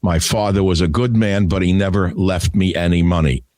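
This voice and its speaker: A man's voice: sits low, fairly even intonation, moderate pace, a little mellow, dry recording. An older man hosting a talk radio show, delivering a combative, scornful solo monologue. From United States.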